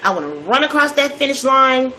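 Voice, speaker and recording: A woman's voice: high voice, very animated, fairly quick, pushed and bright, a little hiss or hum, voice pushed up, full character voice, poor audio. A woman voicing a boastful, touchy man who begs for money and turns pleading.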